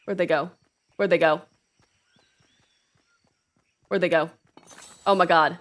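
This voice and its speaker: A woman's voice: lowish voice, steady tone, normal speed, fairly bright tone. A woman streaming a shooter game live, chatting with viewers, yelping, laughing and apologizing as the match gets tense. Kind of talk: live gaming stream chat.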